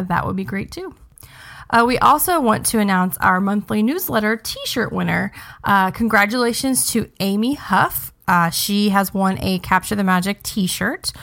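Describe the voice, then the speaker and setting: A woman's voice: medium pitch, vocal fry, fairly bright tone. A young adult woman hosting a podcast, chatting in an upbeat casual way with frequent ums. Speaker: podcast host.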